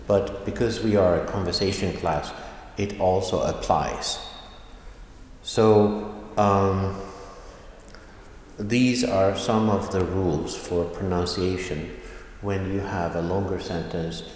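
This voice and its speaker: A man teaching an online language lesson, explaining slowly and repeating examples. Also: sits low, fairly even intonation, darkish tone, a little hiss or hum. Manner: slow, deliberate explaining with repetitions. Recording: echoey room with long reverb.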